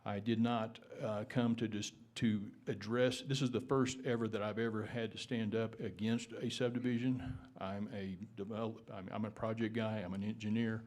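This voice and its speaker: A man with a Texan accent speaks in a lowish voice as he testifies before a town board. He stumbles and repeats words, then reads out ordinances in formal legal terms. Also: flat delivery, normal speed, hardly any pauses, a little mellow. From Texas. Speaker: public commenter. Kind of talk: public testimony at a town meeting.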